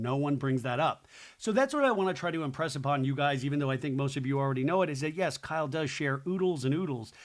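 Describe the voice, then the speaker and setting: Chatty man hosting a TV recap podcast. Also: fairly high pitch. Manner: chatty, opinionated asides. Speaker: podcast host. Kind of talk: casual reality TV recap.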